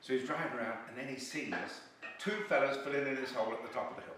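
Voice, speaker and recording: A man telling jokes as a stand-up comedian, lively and chuckling at his own punchlines. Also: medium pitch, fast talker, very echoey, recorded from a distance, a little hiss or hum. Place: comedy venue.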